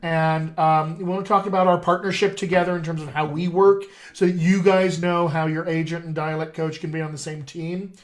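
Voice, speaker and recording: A man's voice: fairly high pitch, little pitch movement, fairly quick, few pauses. A man, a dialect coach, hosting a live video stream in a playful, chatty way and talking straight to his viewers over a video call setup. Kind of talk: casual live-stream chat.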